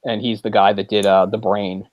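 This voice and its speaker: A man's voice: lowish voice, level tone, normal speed, darkish tone. A man co-hosting a film podcast, chatting casually and rambling with frequent restarts. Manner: rambling, many restarts and fillers. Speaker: podcast co-host.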